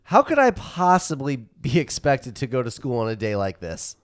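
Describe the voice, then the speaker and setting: A man's voice: medium pitch, normal speed, dry recording, studio quality. A man chatting casually as a podcast co-host, retelling movie scenes with laughs and acted-out lines. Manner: animated, laughing storyteller acting out movie scenes. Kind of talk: casual chat.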